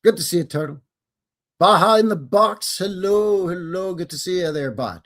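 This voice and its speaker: A man's voice: sits high, animated, normal speed, a bit bright. Canadian guy chatting on his live stream, folksy and jokey, voice goes up and down a lot. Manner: folksy, jokey, greets viewers by name. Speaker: host. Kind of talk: casual live-stream chat.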